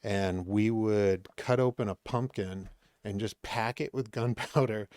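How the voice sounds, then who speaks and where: Man from Maine telling lively stories. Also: fairly low pitch, measured pace, dry recording, clean studio sound. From Maine, USA. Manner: animated storytelling, acts out quoted exchanges. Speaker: podcast guest, comedian. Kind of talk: casual chat.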